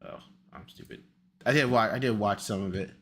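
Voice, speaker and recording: A man's voice: lowish voice, a little fast, fairly bright tone, a little hiss or hum. A young man streaming casually, rambling and exclaiming to himself as he sets things up. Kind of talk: casual stream chat while setting up a video.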